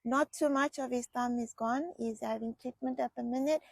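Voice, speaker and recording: A middle-aged woman from England telling personal family stories in a chatty, animated vlog style, often repeating herself. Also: a little high, moderate pace, vocal fry, no room sound. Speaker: vlogger. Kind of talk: casual personal storytelling.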